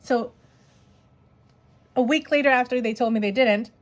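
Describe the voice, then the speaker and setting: A woman in her forties talks through her budget in a casual vlog. Her voice sits a little high, and she rambles excitedly, peppering her sentences with "like.". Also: moderate pace. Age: 40s. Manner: rambling and excited, heavy use of "like". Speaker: budgeting vlogger. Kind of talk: casual chat.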